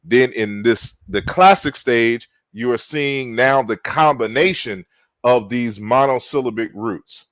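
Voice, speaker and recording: A man delivers a lecture at a slow, deliberate pace, often pausing on fillers and repeating words as he works through his slides. His voice sits at an ordinary middle pitch. It is recorded close and dry, with almost no room sound. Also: fairly bright tone, no room sound. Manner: unhurried, frequent "you know" fillers and restarts.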